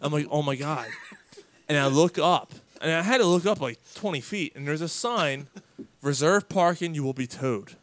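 A man co-hosting a casual pub sports show, telling a long story in an animated, cursing way and acting out his own lines. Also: on the high side, moderate pace, a little hiss or hum. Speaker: podcast co-host.

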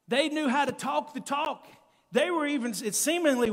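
A male preacher delivering an emphatic sermon, calling out to the congregation and building up to shouted peaks. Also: very high voice, moderate pace. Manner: calls to the congregation. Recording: long church-hall reverb.

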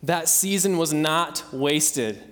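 A man's voice: a little high, slow, fairly bright tone, long reverb tail. A young man in his twenties preaching a sermon, earnest and conversational, telling a personal story. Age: 20s. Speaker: pastor.

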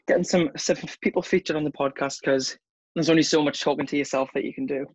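A man's voice: on the high side, fairly even intonation, fast talker, dry recording. A young man, a guest on a casual podcast over a video call, laid-back and rambling, often calling his host "mate". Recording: slightly dull video call audio.

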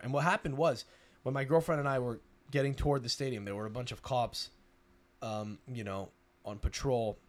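Fast-talking man telling a story. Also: fairly low pitch. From Canada. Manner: fast, swearing storyteller with many restarts. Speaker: podcast host. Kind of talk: casual chat.

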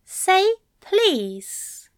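A woman putting on a high, sing-song, teasing male angel. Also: sing-song, very slow, dry recording, studio quality, exaggerated voice.

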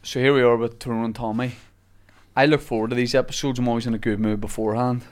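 A man's voice: medium pitch, flat delivery, no room sound. A man hosting a podcast, joking and teasing in casual banter. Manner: jokey, teasing, quick asides. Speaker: podcast host.

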